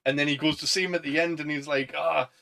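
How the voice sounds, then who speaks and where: A man's voice: on the high side, fairly even intonation, fast talker, pushed and bright. A man with a Northern English accent co-hosting a casual chat, laughing often and acting out film quotes. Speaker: podcast co-host.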